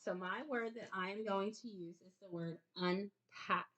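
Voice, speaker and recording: A woman's voice: medium pitch, unhurried, fairly bright tone. A woman teaching her child to read at home, patiently repeating words and asking short quiz questions. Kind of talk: home phonics lesson.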